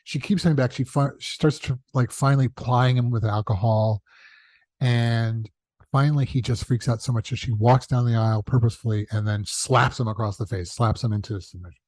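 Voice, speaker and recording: A man talks in an easygoing interview, spinning stories with lively energy. He slips into quoted voices, corrects himself as he goes, and laughs at his own asides. His mid-pitched voice is caught dry and close to the mic, with no room sound. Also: fairly quick, dry recording. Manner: animated, acts out quoted dialogue with big pitch jumps. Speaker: guest, television showrunner. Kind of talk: casual interview storytelling.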